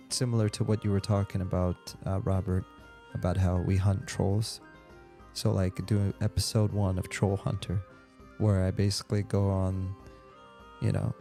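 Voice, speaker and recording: Low gravelly man chatting while gaming. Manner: relaxed, rambling, many fillers. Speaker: game streamer. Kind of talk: casual gameplay chat.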